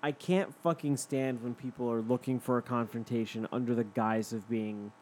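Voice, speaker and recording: A young man hosting a podcast, telling stories in a profane, animated casual chat. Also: mid-range voice, normal speed, slight background noise. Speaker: podcast host.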